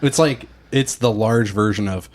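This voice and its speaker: A man's voice: fairly low pitch, unhurried. A man co-hosting a podcast in casual chat, laughing often and acting out quotes in silly voices. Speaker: podcast co-host.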